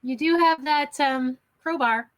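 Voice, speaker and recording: High-voiced woman as a curious tabletop player, dry close recording. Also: a little slow, dry recording. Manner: curious, asks lots of questions. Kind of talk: casual game chat.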